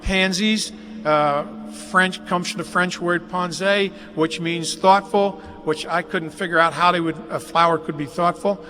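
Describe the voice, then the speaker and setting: An older man with a high, sharp voice speaks unhurriedly and with fairly even intonation, telling folksy, jokey anecdotes at a dedication ceremony in a large athletic facility. The live webcast captures a long hall reverb and faint noise.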